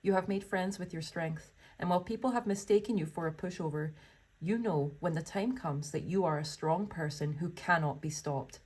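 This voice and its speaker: A woman's voice: lowish voice, normal speed, darkish tone, breathy edge. A woman giving a tarot reading, reading card texts aloud and chatting to viewers in a gushing, exclamatory way. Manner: gushing and exclamatory, full of wows and oh my goshes.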